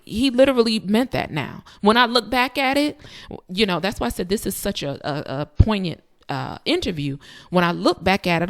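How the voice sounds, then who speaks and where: A woman's voice: mid-range voice, expressive, brisk. A woman hosting a reaction commentary, speaking emphatically and straight to her viewers. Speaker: commentary host.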